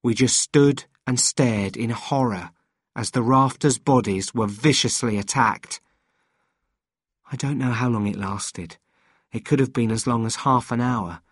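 Slow, measured male storyteller. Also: mid-range voice, slightly rough, dry recording, clean studio sound. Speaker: audiobook reader. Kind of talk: scripted narration.

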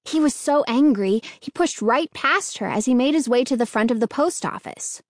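A woman narrating a children's chapter book in a steady, clear storytelling manner. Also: high-pitched, moderate pace, no echo, clean studio sound. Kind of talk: scripted audiobook narration.

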